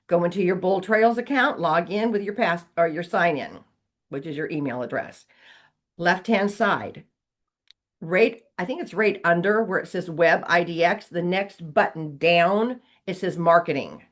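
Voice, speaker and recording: A woman's voice: fairly low pitch, expressive, measured pace. A woman teaching real estate agents in a training session, walking through steps and repeating key points. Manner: instructive, repeats key points, asks okay.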